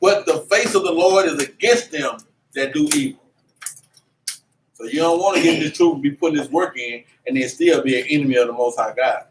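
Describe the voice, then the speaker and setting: A man teaching a religious class in an animated, preachy way, with lots of slang and repeated "man". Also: a little high, a little fast. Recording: echoey room, mic at a distance, faint noise.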